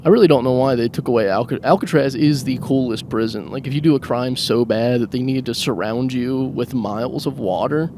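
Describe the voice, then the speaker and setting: Behind the wheel again, this podcast host delivers a comic, rambling solo monologue, poking fun at himself and cracking up at his own lines. He speaks a little fast in a mid-range voice with few pauses, and background noise is audible.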